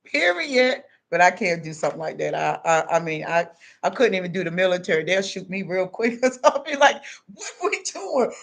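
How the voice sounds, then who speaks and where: A woman's voice: on the low side, brisk, vocal fry. Blunt, emphatic woman vlogging. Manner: blunt, emphatic storytelling with preachy asides. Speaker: spiritual vlogger. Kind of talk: casual monologue vlog.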